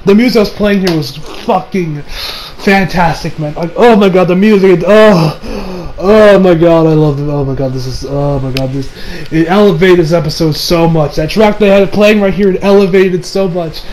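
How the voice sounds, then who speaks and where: A man giving a casual, excitable anime review, rambling and swearing with bursts of loud laughter. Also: high-pitched, moderate pace, low-quality recording. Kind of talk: casual reaction commentary.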